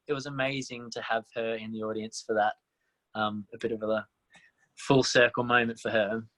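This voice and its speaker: A young man in his twenties, a musical theatre actor chatting as an interview guest, animated and quick to laugh. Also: medium pitch. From Australia (Tasmania). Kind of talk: casual interview chat.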